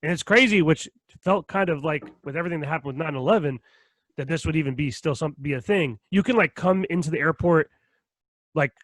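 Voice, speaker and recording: Young male podcast co-host, higher pitch, dry close mic, lively profane storyteller. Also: brisk, dry recording. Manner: animated storytelling, heavy swearing and laughter. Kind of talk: casual chat.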